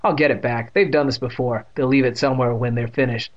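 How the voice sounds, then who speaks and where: Man putting on a scrappy young girl, heated and raised, pitched up, dull lo-fi sound. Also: steady tone, fast, natural voice. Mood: indignant.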